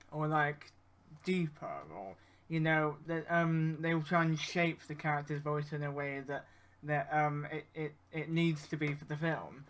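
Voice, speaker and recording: A man walks through a software tutorial in a casual, halting way, pausing often on fillers. His voice is bright and crisp and sits a little high. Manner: informal, hesitant, many fillers. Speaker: arts facilitator teaching audio effects. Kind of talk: screen-share software tutorial.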